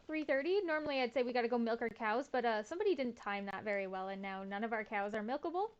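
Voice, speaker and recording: A woman's voice: fairly high pitch, quick pace, lo-fi sound. A young woman streaming a farming game, chatting in a laid-back, slangy, self-mocking way. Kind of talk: casual gameplay commentary.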